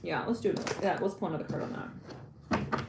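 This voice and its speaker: Woman, tarot reader, chatty and excitable, laughs a lot, roomy echo, noisy background. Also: fairly low pitch, fast talker, vocal fry. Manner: chatty and excitable, laughs often, slips into quoted voices. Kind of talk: live tarot reading.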